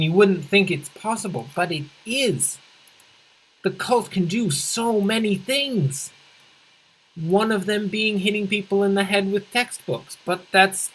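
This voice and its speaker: A let's play host giving casual gameplay commentary with rambling, deadpan absurd humor, often correcting themself and swinging pitch and pace for comic effect. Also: slightly rough, poor audio.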